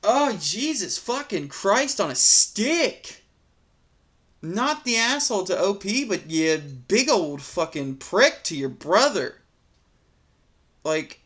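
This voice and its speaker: A man's voice: high voice, very animated, slow pace, fairly bright tone. Profane man ranting about a story. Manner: profane, heated ranting with many restarts. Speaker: story reader and commentator. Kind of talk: reading a post, then ranting commentary.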